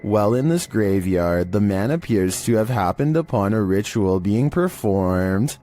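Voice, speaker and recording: A man narrating creepy internet videos in a steady, monotone scripted delivery. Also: on the low side, measured pace.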